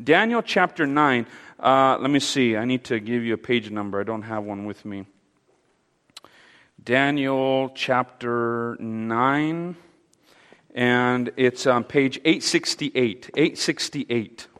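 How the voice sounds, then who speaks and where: A man's voice: medium pitch, fairly bright tone, smooth. Man teaching scripture in a reverberant hall. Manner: halting, with fillers and repeated words; asks the audience questions. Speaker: Bible teacher. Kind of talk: interactive Bible study teaching. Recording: long reverb of a large hall.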